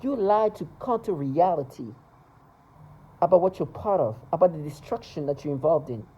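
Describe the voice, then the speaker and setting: A man's voice: on the high side, expressive, normal speed, warm tone, husky, muffled recording. A man talking to camera in a rambling, agitated monologue, repeating himself and stumbling over restarts.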